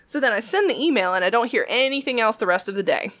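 A woman, a retail worker telling a long story in casual chat, animated and swearing freely as she acts out what people said. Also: on the high side, fast.

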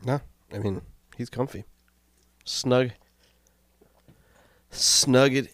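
A man's voice: medium pitch, drawn-out words, a bit bright, no echo. A man co-hosting a casual podcast, dropping dry, wry asides. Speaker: podcast co-host.

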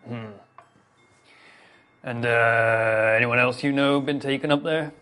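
A man playing in a tabletop role-play, questioning a character in a playful way, laughing often and filling pauses. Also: mid-range voice, steady tone, bright, forceful tone, clean tone. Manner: playful, laughs between lines, trails off with fillers. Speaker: player.

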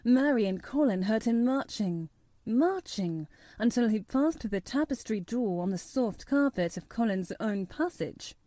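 A woman narrating a children's storybook in an expressive, measured reading. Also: a little high, dry recording.

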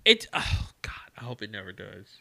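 A man co-hosting a podcast in casual chat, animated and quick to laugh as he rants about bad movies. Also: fairly low pitch, creaky. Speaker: podcast co-host.

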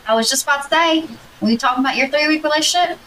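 A young woman co-hosting a podcast in casual chat, a lively storyteller who jumps up in pitch when excited. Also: racing. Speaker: podcast co-host. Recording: slightly distant mic, faint noise.

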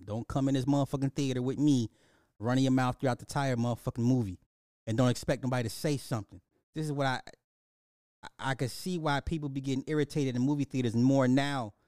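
A man's voice: medium pitch, a little mellow, no echo, clean studio sound. A man ranting casually to his viewers in a movie review, swearing freely and laughing often between lines. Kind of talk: casual profane rant to camera.

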